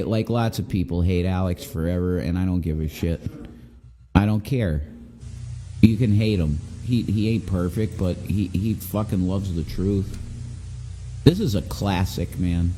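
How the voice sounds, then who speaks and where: A man's voice: low voice, dark tone. A man who hosts a livestream and preaches in an intense, profane, ranting manner. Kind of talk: ranting religious commentary.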